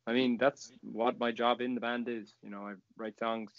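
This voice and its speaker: A man's voice: mid-range voice, little pitch movement, normal speed, no echo, lo-fi sound. An Irish man, a musician guest on a podcast, thinking aloud in casual chat. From Ireland.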